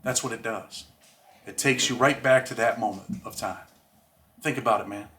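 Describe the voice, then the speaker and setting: A man's voice: mid-range voice, normal speed, background noise. A man hosting a casual monologue, talking in streetwise slang and saying "man" often. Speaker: host.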